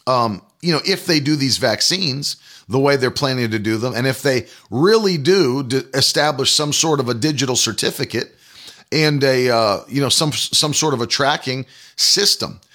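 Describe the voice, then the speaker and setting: Indignant preacher man with a bright edge. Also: mid-range voice, moderate pace. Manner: indignant, repetitive, rambling with fillers. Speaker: preacher hosting a prophecy broadcast. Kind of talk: spoken commentary to listeners.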